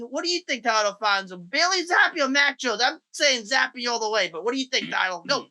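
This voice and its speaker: A man hosting a casual sports podcast, his bright voice carrying profane, excitable rants. He talks in loose bursts, swearing freely and repeating himself as he builds steam. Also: very high voice, fast talker, hardly any pauses. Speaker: podcast host.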